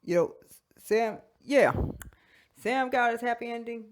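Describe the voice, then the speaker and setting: A woman hosting a toy channel, chatting casually and comically about fandoms, giggling, sighing dramatically and bursting into shouted bits. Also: fairly high pitch, a little slow. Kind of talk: casual comedic fandom chat.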